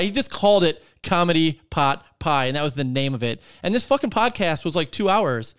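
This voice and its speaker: A high, smooth male voice belongs to a podcast host who rants through casual conversation, profane and rambling, with plenty of swearing and fillers. The recording is clean studio audio with no echo.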